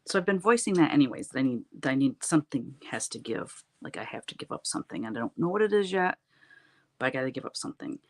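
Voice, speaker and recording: A woman's voice: very deep voice, animated, fast talker. Chatty laughing woman host. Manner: chatty, laughs often, rambling storytelling. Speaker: livestream craft host. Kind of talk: casual chat with viewers while painting.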